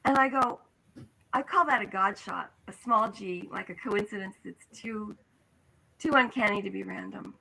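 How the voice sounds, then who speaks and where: An older actress tells stories in an interview, animated and vivid. She acts out the voices of the people she quotes. Her tone is bright and forward. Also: mid-range voice, moderate pace, gravelly, rough recording. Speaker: guest actress. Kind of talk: storytelling in an interview.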